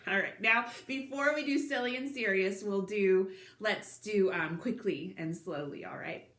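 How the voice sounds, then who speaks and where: A cheerful woman runs a children's story time, reading a picture book aloud and pausing to ask the little listeners questions. She talks slowly and clearly to them. Her voice has a roomy echo around it. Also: medium pitch, background noise. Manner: cheerful, speaks directly to young children. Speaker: children's librarian. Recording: roomy echoey recording.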